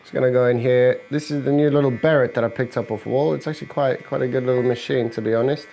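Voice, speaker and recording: A barber talking a viewer through a fade haircut while he works. He is a man with a medium-pitched voice, explaining each clipper guard and angle in plain words. He keeps up easy joking banter with his client in the chair, and a faint electric-clipper buzz runs underneath. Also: fairly even intonation, quick pace, vocal fry, mellow, a little hiss or hum, poor audio. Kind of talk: hair-cutting tutorial narration with client chat. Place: barbershop, indoors.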